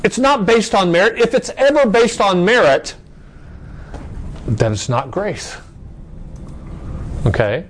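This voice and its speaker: A man's voice: high voice, animated, slow pace, pauses often, low-quality recording. A man teaching a Bible study class in a conversational way, asking rhetorical questions, checking in with "okay?", and restarting phrases as he reads verses aloud.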